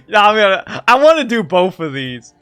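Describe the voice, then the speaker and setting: Excitable guy doing game commentary, lively bright voice, laughs a lot, faint music behind. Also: sits high, clean tone. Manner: excitable, laughs often, quips at the characters. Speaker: streamer.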